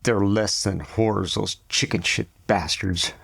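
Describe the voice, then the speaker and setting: Man voicing a quietly furious uncle. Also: medium pitch, very animated, normal speed, voice pushed up. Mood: bitter. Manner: soft-spoken but bitter. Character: angry middle-aged village man, quietly furious uncle.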